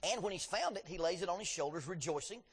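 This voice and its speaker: Husky-voiced preacher in a reverberant hall. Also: male voice, high voice, expressive, quick pace. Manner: conversational, joking asides, dramatic scripture reading. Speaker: pastor. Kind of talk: sermon.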